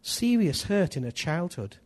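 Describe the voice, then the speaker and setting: A middle-aged man preaching a sermon, animated, acting out little dialogues as he tells stories. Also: a little high, unhurried. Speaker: pastor.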